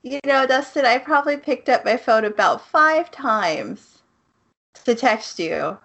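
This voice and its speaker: A woman's voice: on the high side, expressive, a little slow, gravelly, a bit bright. A woman hosting a casual podcast, laughing often between her remarks. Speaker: podcast host. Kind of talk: casual chat.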